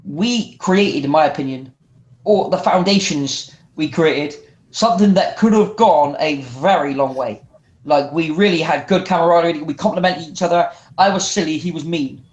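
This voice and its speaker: A man, a guest wrestler telling stories in a casual interview. He talks in an animated way, restarts his sentences often and acts out other people's voices. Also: on the high side, normal speed, echoey room.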